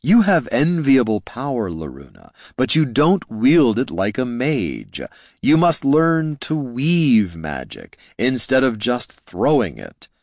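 A man voicing an impassive, stern male wizard teacher who gives slow, curt commands. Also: mid-range voice, huge pitch swings, darkish tone, dry recording, clean studio sound, exaggerated voice.

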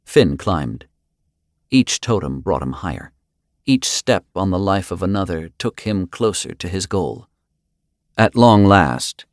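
A man reading a dark fantasy story aloud in a steady, grave storytelling manner. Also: deep voice, no echo, clean studio sound. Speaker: narrator. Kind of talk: dramatic audiobook narration.

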